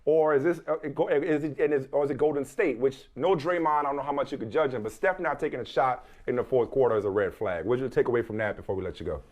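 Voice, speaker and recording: A man's voice: mid-range voice, fast talker, hardly any pauses. A man co-hosting a sports talk show, playful and teasing, often restarting his words. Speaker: co-host.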